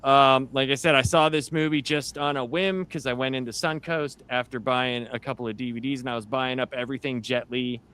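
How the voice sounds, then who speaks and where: A man on a podcast panel, excitedly retelling movie scenes in casual chat. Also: medium pitch, brisk, hardly any pauses, clear, resonant tone. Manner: excited, animated storyteller.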